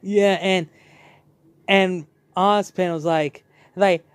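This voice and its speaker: A young man talks through a show in an excitable, animated way, stumbling over fillers. His voice sits high and swings widely, his delivery is unhurried, and the recording is dry and close. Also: no echo. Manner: excitable, animated, many fillers and re-enacted quotes. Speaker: channel host reviewing a show. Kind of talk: casual review chat.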